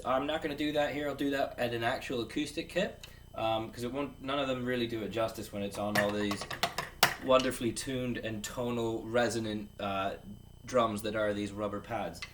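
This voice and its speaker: A man teaches drums in a loose, jokey way and counts beats aloud. He sounds set back from the microphone, and a clear hiss of background noise runs under his voice. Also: medium pitch, far from the mic. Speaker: drum teacher. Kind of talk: casual video lesson.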